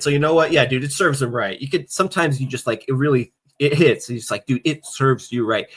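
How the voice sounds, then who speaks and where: A man's voice: medium pitch, expressive, fairly quick, hardly any pauses, a bit bright. Ranting, swearing podcast man. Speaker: podcast co-host. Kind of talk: casual political chat.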